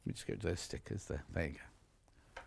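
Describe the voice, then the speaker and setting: A man's voice: low voice, a little fast, creaky, darkish tone, husky. A man presenting live shopping television, chatting and bantering with his co-workers. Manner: chatty, bantering, chuckling asides.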